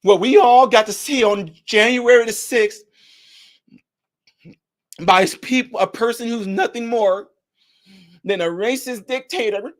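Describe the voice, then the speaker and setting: Brief: high-pitched male vlogger, heated ranting commentary, preachy. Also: unhurried, pauses often. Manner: heated, preachy, rising to shouts.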